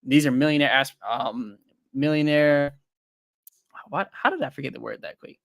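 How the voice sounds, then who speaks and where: Slightly high and creaky, a bit bright, the young host of a crypto trading stream talks at normal speed in clean, dry studio sound. Reading viewer comments, he thinks out loud loosely with fillers and restarts, candid and self-deprecating.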